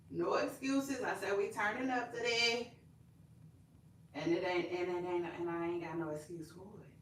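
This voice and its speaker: A woman's voice: mid-range voice, slight background noise. Sassy woman gossiping straight to camera. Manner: animated, sassy, repeats her phrases, talks to viewers. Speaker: vlog host. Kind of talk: casual celebrity gossip chat. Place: indoors, in front of a camera. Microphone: camera mic.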